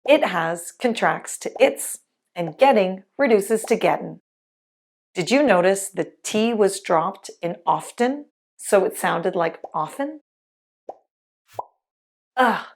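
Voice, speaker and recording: Female ESL teacher, unhurried and precise, scripted pronunciation lesson. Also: medium pitch, lively intonation. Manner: slow, careful, clearly enunciated. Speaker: English teacher.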